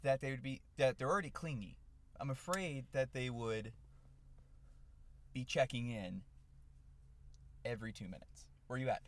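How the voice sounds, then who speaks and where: A man's voice: mid-range voice, a little slow, long pauses, a bit bright. A young man co-hosting a casual podcast, laid-back and playful with short agreeing replies. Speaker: podcast co-host. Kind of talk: casual chat.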